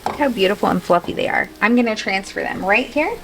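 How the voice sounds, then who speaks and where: A woman's voice: medium pitch, animated, fast talker, poor audio. A woman hosting a casual cooking demonstration in a home kitchen, chatty and self-deprecating with joking asides. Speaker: cooking show host.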